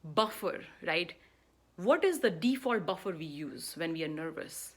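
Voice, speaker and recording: A woman's voice: sits low, normal speed. A middle-aged woman coach giving a talk on public speaking, emphatic, often checking in with a rhetorical "right?".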